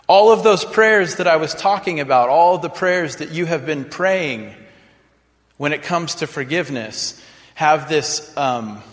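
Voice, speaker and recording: A man preaching a sermon as a pastor, dramatic and expressive, acting out sample prayers in mock voices. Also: fairly high pitch, a little slow. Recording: long hall reverb.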